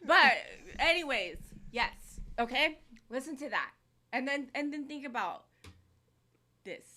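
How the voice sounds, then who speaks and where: A woman reviews songs on a live stream with a bright, forceful edge to her voice. She coaches bluntly and teases her co-host. Her voice sits a little higher than most. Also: lively intonation, a little slow. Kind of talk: live-stream song critique.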